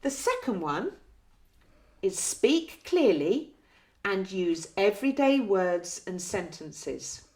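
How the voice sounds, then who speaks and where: A nurse explaining care to health staff in a gentle, patient way, often ending points with tag questions. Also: female voice, medium pitch, sing-song, slow. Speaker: community learning disability nurse. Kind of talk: training talk with role-play. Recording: roomy echo.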